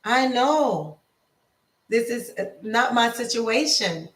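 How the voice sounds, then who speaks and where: A woman life coach giving a casual motivational talk, slow and repetitive in an affirming way. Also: fairly high pitch, expressive, a bit bright, reverberant, far from the mic. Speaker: lifestyle coach.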